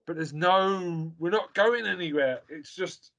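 A man hosting a casual chat over a video call, jokey and excitable, swearing freely. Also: sits high, measured pace, dull audio.

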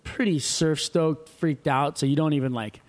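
A man's voice: on the high side, moderate pace, a little hiss or hum. A man who surfs, telling a wild story in casual chat, acting out the voices of the people in it and swearing freely. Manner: animated, acts out quoted voices, swears freely. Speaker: guest.

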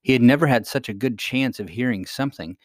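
A man narrating a storybook aloud in a steady, even read. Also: medium pitch, quick pace, no echo, clean studio sound. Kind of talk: storybook reading.

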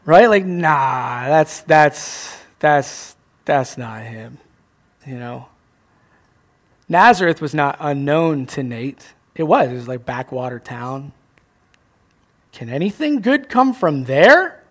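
A young man preaching a sermon as pastor, animated, acting out little scenes and joking at his own expense. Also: medium pitch, takes it slowly. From Canada. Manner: animated, acts out voices, self-mocking jokes.

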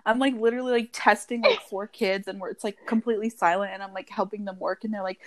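A young woman with a mid-pitched voice tells classroom stories in an animated, chatty way. She laughs often and keeps the conversation casual. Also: fast talker. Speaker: elementary school teacher. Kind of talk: casual chat.

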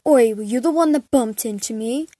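A woman reading as a gruff hot-headed teenage boy. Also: a little high, normal speed, mellow, dry recording. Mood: rude. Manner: gruff, rude and dismissive.

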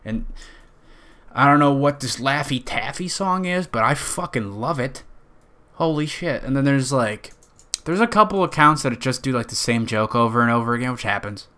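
A man's voice: medium pitch, expressive, moderate pace, sharp tone. A man with a nasal Western New York accent, hosting a podcast in a rambling, profane, jokey monologue. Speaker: podcast host.

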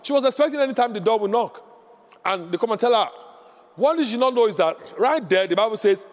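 A man's voice: high voice, lively intonation, quick pace, long reverb tail. A man preaching a sermon as pastor, impassioned and repeating lines for emphasis.

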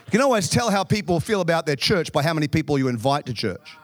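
Man preaching, quick joking asides. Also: a little high, sing-song. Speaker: pastor. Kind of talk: sermon.

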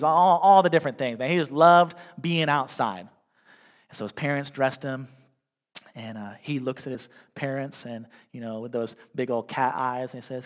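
A man preaching a sermon, reading scripture slowly and telling a story in a hushed voice. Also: mid-range voice. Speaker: pastor.

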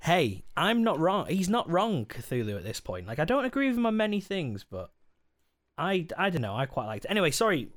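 Animated man with a lively voice. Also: on the high side, a little fast. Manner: animated, laughing, apologetic asides. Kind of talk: casual film-review chat.

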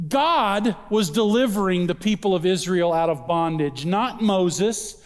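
A man preaching a sermon, emphatic, darting between quick asides and slow, stressed words. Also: sits high, lively intonation, long reverb tail. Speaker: pastor.

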